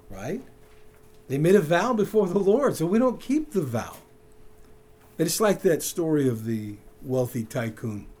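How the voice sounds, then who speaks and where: A man preaching a sermon, animated and conversational, who keeps posing questions to his listeners. His voice is dark and a little husky, and it swings widely up and down as he stresses each point. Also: a little high. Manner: animated, chuckling, asks the room questions. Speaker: pastor.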